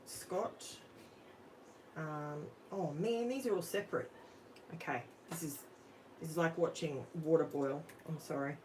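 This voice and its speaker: In a home craft room lit from overhead, a middle-aged Australian craft channel host chats casually on a live stream, addressing viewers in the chat as she works. She has a deep, slightly mellow voice, speaks a little slowly with long pauses, and there's slight background noise.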